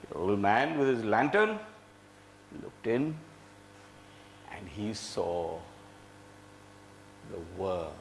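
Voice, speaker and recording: A man telling a folk tale to a live audience with dramatic flair, swinging between loud and soft and leading the listeners in acting it out. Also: lowish voice, very slow, long pauses, slight background noise. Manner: dramatic, lively, shifts loud and soft, acts out lines; leads the audience in play. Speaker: storyteller. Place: indoor venue before a live audience. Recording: echoey room.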